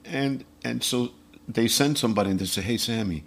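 A man's voice: mid-range voice, brisk, vocal fry, breathy edge. A man, a percussionist and singer, telling stories in a casual interview, acting out the dialogue and chuckling as he goes. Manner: animated anecdote-telling with quoted dialogue and chuckles. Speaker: guest musician, percussionist and vocalist.

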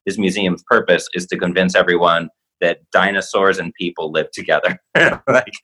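Deep-voiced podcast host. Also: male voice, normal speed, slightly rough, low-quality recording. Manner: relaxed, filler-heavy, chuckling. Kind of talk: casual chat.

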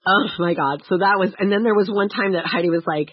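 Brief: woman podcast co-host, lively storyteller, husky voice, dry dull sound. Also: medium pitch, a little fast, hardly any pauses, no room sound. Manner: animated storyteller, laughs often, acts out quotes. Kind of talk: casual chat.

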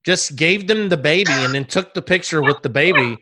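A man's voice: on the high side, fairly quick, heavy background noise. Curious man asking probing questions. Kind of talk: casual conversational interview.

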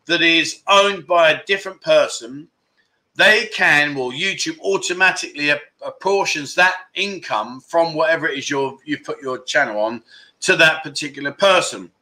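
A man with a fairly high, pushed and bright voice hosts a casual livestream from Pattaya, Thailand. He's chatty and grateful, reading out viewer donations and restarting often as he thanks people.

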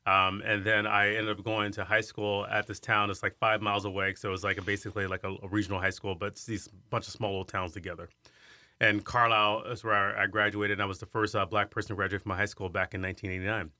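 Fifties male guest from Iowa, lowish voice with a bright edge, animated storyteller; dry sound. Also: quick pace, no echo. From Iowa, USA. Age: 50s. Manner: animated storyteller who acts out quoted voices. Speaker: guest, singer and arts center director. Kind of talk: storytelling in an interview.

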